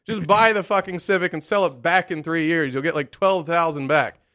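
Crude, bright-voiced young man ranting. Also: a little high, fairly even intonation, brisk. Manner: crude, profane, loud when worked up. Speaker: podcast co-host. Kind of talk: casual comedic chat.

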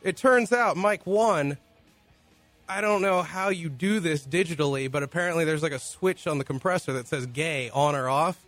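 A man's voice: on the high side, moderate pace, a bit bright, no room sound, soft background music. A man hosting a podcast in a small studio, sick with a cough, joking and rambling in casual chat on a studio mic. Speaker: podcast host.

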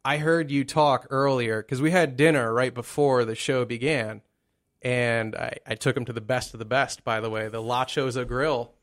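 A man's voice: mid-range voice, fairly even intonation, normal speed. A man from the United States hosting a podcast, rambling and cracking crude jokes in casual chat. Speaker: podcast host.

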